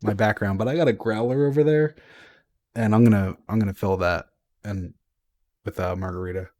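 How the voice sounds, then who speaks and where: A rather low-pitched man co-hosting a game-lore podcast. He rambles in casual chat, restarting sentences, and swears when he gets worked up. The sound is close and dry, with no room around it. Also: fairly quick, a little mellow, dry recording. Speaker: podcast co-host.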